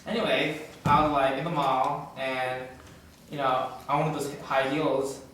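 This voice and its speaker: A man's voice: mid-range voice, level tone, measured pace, fairly bright tone, lightly acted. A man playing a ditzy teenage valley girl who gushes endlessly in gossipy chatter. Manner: gushing, endless "and I was like" chatter. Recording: echoey room from far off with noise.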